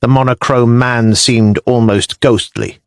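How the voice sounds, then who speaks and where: A man reading a historical audiobook in measured, descriptive storytelling, recorded on a close studio mic. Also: medium pitch, fairly even intonation, smooth, no room sound. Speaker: audiobook narrator. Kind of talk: scripted narration.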